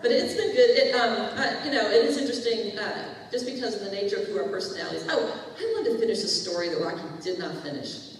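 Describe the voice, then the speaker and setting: A woman shares a personal testimony with a church congregation, chatting in a storytelling style and acting out what people said. Her mid-range voice is expressive and fast, recorded in an echoey hall from a distant mic with slight background noise.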